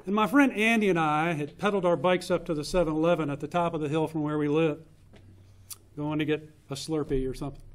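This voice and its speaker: A man in his fifties speaks at a memorial in a funeral chapel, his voice sitting a little high for a man. He tells old family stories earnestly, pausing to let each moment land. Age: 50s. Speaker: eulogist, younger brother of the deceased. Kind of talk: memorial eulogy, personal storytelling.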